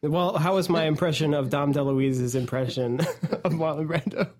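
A man's voice: fairly high pitch, steady tone, normal speed, darkish tone. Male podcast co-host, giggly and rambling, casual comedic banter. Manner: giggly, rambling, laughs often.

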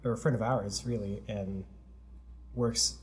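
A man hosting a podcast in casual chat, laughing often and talking in an easygoing, drawn-out way. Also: on the low side, steady tone, slight background noise. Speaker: podcast host.

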